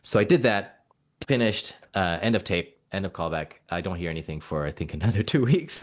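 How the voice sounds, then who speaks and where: A man from Mauritania, an actor and guest, telling animated anecdotes in a casual interview and acting out quoted dialogue. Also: deep voice, a little fast.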